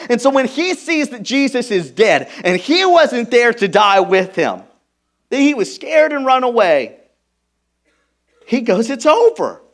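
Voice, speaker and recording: A man preaching a sermon as pastor, emphatic, moving from hushed, intimate lines to loud, stressed ones. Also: extremely high pitch. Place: church.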